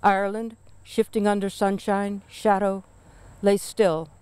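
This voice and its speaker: A woman reads her own poem aloud in a solemn, deliberate recitation, taking her time over every phrase. Her voice is exceptionally smooth and resonant. The recording is dry and close, with no room sound. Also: medium pitch, little pitch movement, darkish tone, dry recording. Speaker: poet reading her own work. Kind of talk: poetry reading.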